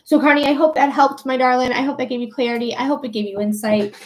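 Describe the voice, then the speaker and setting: Woman, psychic livestream host, casual home stream, cursing, heated, a bit high-pitched. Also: fairly even intonation, fast talker, a little mellow. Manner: swears freely, talks straight to viewers. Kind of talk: casual livestream chat and ranting.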